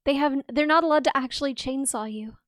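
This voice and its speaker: A woman's voice: sits high, fast, no echo, clean studio sound. A woman streamer with a sick voice, chatting casually and playfully with a guest. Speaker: streamer host. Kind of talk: casual chat.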